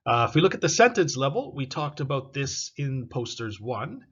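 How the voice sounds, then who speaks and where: A man giving a recorded English pronunciation lesson over slides, slowly repeating example phrases for students to practice. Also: mid-range voice, expressive, a bit bright, husky, highs cut off. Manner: slow drilling repetition of example phrases. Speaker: English teacher.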